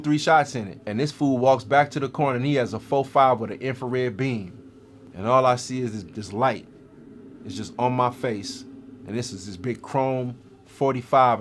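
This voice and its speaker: A man's voice: mid-range voice, a little hiss or hum. A man telling his own life story as a guest, in streetwise slang with vivid, dramatic retelling. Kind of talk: first-person life story.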